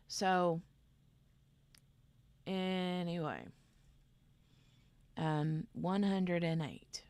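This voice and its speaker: Slow, gravelly woman chatting. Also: sits low, fairly even intonation, fairly bright tone, dry recording. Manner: rambling, chatty, reads chat aloud. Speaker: craft channel host. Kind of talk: casual livestream chat.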